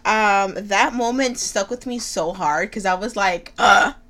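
A woman's voice: mid-range voice, measured pace, fairly bright tone. A young woman chatting casually about a TV show, laid-back, swearing and saying "like" often. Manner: laid-back, swears freely, many "like" fillers. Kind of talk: casual chat recapping a TV show.

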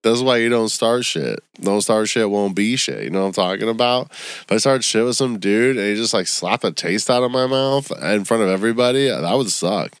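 A young man hosting a solo podcast, ranting in a casual, profane way and climbing high and loud when he gets worked up. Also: animated, moderate pace, clear, resonant tone, dry recording, studio quality. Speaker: comedian podcast host.

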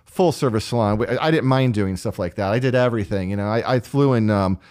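A man's voice: on the low side, quick pace, clear, resonant tone. A man who works as a line producer, telling stories in a casual interview and acting out the people in them. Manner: animated, acts out voices.

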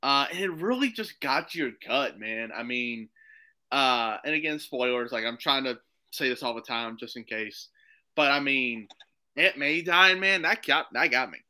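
A man chatting as a podcast guest, rambling excitedly with lots of fillers. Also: medium pitch, a little slow, rough recording. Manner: excited, rambling, full of "like" and "you know". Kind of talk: casual chat.

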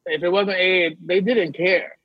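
High, husky man joking crudely. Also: fairly even intonation, unhurried, no room sound, muffled recording. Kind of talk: casual podcast chat.

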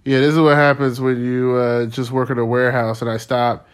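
Here the young man hosting a solo podcast has a smooth, medium-pitched voice with little pitch movement, moving fairly quickly. His casual rant keeps veering into tangents, and he loses his train of thought and chuckles along the way.

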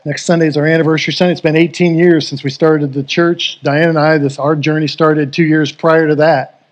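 Earnest middle-aged male pastor, high voice. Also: level tone, brisk, highs cut off. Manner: earnest, emotional, rising to fervent. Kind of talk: sermon with personal story and prayer.

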